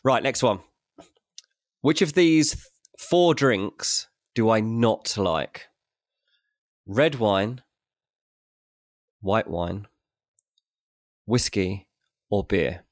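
A young British man with a lowish voice chats as a podcast co-host. He tells self-mocking stories in a loose, matey way, recorded close and dry with no room sound. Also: expressive, very slow, pauses often, no echo. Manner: chatty anecdotal storytelling, matey and self-mocking. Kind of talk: casual chat.

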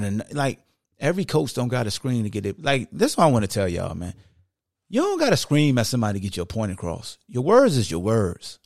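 A man hosts a sports podcast in an unscripted, casual monologue, drawling emphatic points with plenty of "like" and "y'all." His voice has a gravelly edge. He's recorded up close in a dead, dry room. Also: medium pitch, big pitch swings, fairly quick, a little mellow, dry recording. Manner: conversational, emphatic, heavy use of "like" and "y'all".

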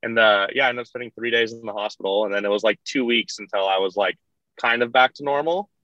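Young male guest, chatty, says "like" constantly, bright tense tone, dry and slightly muffled recording. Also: mid-range voice, quick pace, no room sound. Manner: rambling, heavy use of "like", laughs through retellings. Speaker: podcast guest, kayaker. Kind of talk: casual storytelling. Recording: dull lo-fi dry sound.

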